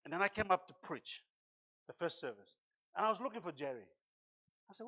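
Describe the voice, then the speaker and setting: A man preaching a sermon as pastor, impassioned, with sudden loud bursts and cries of hallelujah. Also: sits high, animated, fairly quick, breathy edge. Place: church.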